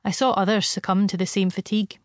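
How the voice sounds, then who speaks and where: Woman, first-person storytelling, steady and wry, mid pitch, dry close recording. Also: fast, no room sound. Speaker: audiobook narrator.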